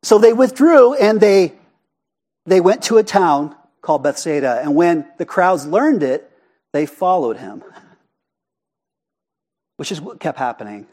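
A man with a notably high voice delivers a sermon in a church. He keeps it conversational and animated, often pausing to ask the congregation questions. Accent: Arizona. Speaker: pastor. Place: church sanctuary.

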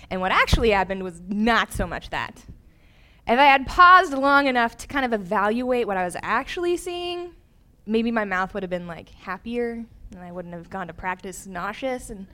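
Young woman preacher, storytelling sermon, animated quotes, everyday mid pitch.

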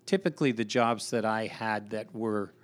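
A man's voice: on the low side, moderate pace. A man, a pastor, chatting on a podcast and telling a work story with lots of restarts and repeated words. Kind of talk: casual podcast conversation.

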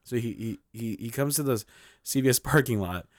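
A young man co-hosting a podcast, telling a story in casual chat, animated and full of "like", acting out what people said. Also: medium pitch, brisk, no room sound, clean studio sound. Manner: animated, acts out quoted lines, heavy use of "like". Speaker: podcast co-host.

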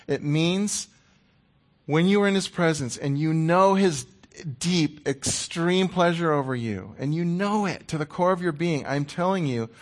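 Man preaching a relaxed conversational sermon. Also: fairly high pitch. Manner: conversational, playful, drops to a hushed voice when quoting God.

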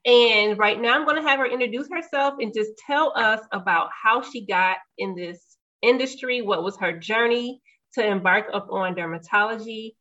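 A woman's voice: medium pitch, pushed and bright. A woman hosting a podcast interview, enthusiastic and effusive with her guest. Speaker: podcast host. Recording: dull lo-fi audio.

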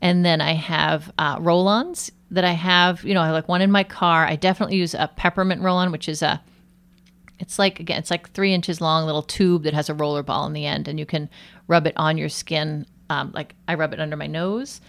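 A woman's voice: low-pitched, steady tone, a little fast, a bit bright. A woman guest, a nurse and aromatherapist, talking casually and animatedly in an interview with many fillers.

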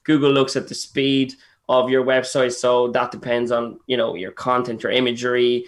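Casting: male developer, even monotone delivery, practical explainer. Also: medium pitch, normal speed. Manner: steady, explanatory, businesslike. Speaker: web developer.

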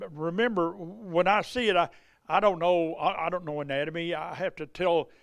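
A male evangelist recounts a healing story at a revival service. His voice is high and smooth, and the sound is dry and close. He speaks haltingly, with frequent pauses and restarts. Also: fairly bright tone, dry recording. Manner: halting, many fillers and restarts. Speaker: evangelist preacher. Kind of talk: testimony storytelling in a sermon.

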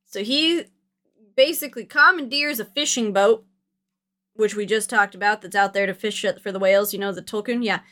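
Bright-voiced chatty woman recapping a film. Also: medium pitch, moderate pace. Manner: chatty, storytelling, fills gaps with "like" and "um". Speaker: podcast co-host. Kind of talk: casual movie recap chat.

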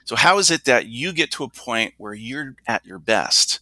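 A middle-aged man who works as a communication coach, explaining things in a measured, instructive way and demonstrating his points with his own voice. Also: mid-range voice, lively intonation, pushed and bright, no echo. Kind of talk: explanatory interview talk.

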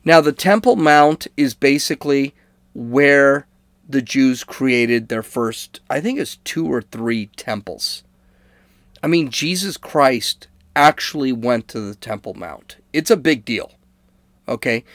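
A political commentator talks casually about current events in a medium-pitched, animated voice with a fairly bright tone, speaking slowly on a dry recording. He uses fillers and restarts, corrects himself as he goes, and keeps checking in with listeners by asking "okay?"

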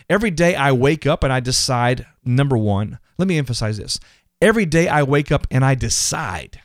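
A man's voice: mid-range voice, no room sound, studio quality. A man hosting a motivational faith podcast, earnest and emphatic, often repeating his words. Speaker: podcast host.

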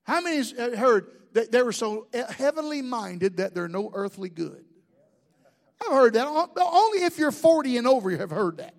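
High-voiced folksy preaching man. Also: sing-song, moderate pace. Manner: folksy preaching with jokes and crowd questions. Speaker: pastor. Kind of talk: sermon.

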